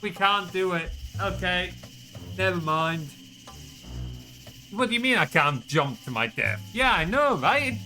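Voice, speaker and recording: A man's voice: high-pitched, animated, unhurried, pauses often, pushed and bright, soft background music, poor audio. A man with a Yorkshire accent giving casual, chatty commentary while streaming a game, swearing freely and answering his chat aloud. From Northern England.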